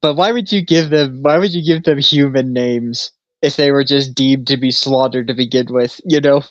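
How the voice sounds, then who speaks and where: A man's voice: medium pitch, normal speed, no echo, muffled recording. A man co-hosting a podcast in casual chat, telling a long story in a rambling way and laughing often. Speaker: podcast co-host.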